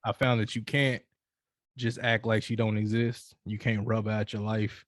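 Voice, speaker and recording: A man's voice: on the low side, little pitch movement, a little slow, no room sound, clean studio sound. Profane man preaching dating advice. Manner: loose, profane, preachy storytelling with repeated restarts. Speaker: podcast co-host. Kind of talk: casual chat giving advice.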